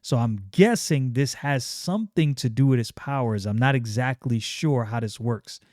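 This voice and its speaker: A man's voice: medium pitch, moderate pace, darkish tone, dry recording, studio quality. A man casually reading a comic aloud, chatting and reacting as he goes. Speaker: comic reader and commentator.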